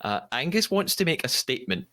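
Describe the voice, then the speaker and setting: A man's voice: a little high, very animated, brisk, pushed and bright. A man hosting a podcast, recapping a TV episode in a chatty, hesitant way with many restarts. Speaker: podcast host. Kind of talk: casual podcast recap chat.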